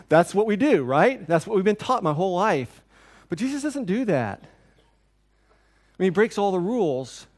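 Man, middle-aged, pastor, sermon, conversational, animated, slightly high voice, goes soft and quiet at tender moments. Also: a little slow, pauses often. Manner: conversational and animated, acting out quotes.

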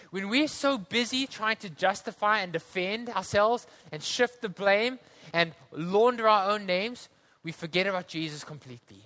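Bright high-voiced preacher. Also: male voice. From South Africa. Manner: earnest storytelling with conversational asides. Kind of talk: sermon.

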